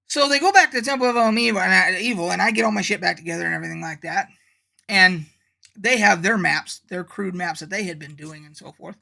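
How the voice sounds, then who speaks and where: A man's voice: high voice, gravelly, sharp tone. A man hosting his channel, casually recapping his tabletop campaign as game master in a rambling, profane way. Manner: rambling, profane, lots of fillers.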